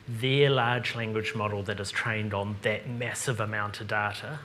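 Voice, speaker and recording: Kiwi man presenting a tech seminar, relaxed and chatty, light noise behind. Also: medium pitch, measured pace, hardly any pauses. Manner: casual, chatty, lots of ums. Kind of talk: live seminar Q&A.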